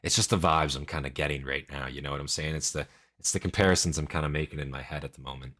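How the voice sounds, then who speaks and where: A man's voice: a bass voice, fairly even intonation, quick pace, fairly bright tone. A man streaming a casual reaction, rambling and thinking aloud with many fillers.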